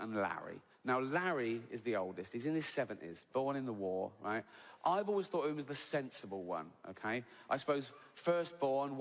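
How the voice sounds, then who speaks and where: English comedian in his sixties, echoing hall. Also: medium pitch. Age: 60s. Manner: chatty anecdotal delivery, peppered with "right?" and swearing, laughs at his own story. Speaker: stand-up comedian. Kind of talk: stand-up storytelling. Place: stage in a large hall with a live audience. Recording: reverberant hall, audience ambience.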